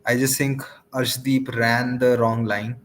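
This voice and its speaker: A man giving measured, explanatory cricket analysis on a live watchalong. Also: mid-range voice, little pitch movement, a bit bright, a little hiss or hum.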